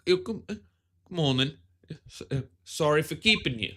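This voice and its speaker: A man reading game dialogue in a put-on posh British accent, voicing a stiff, pretentious gentleman. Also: on the high side, expressive, moderate pace, heavily acted. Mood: pompous.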